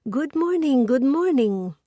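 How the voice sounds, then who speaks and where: A woman's voice: lively intonation, unhurried, no echo, studio quality. Woman putting on a bubbly French dressmaker. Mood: effusive. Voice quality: high and loud, effusive.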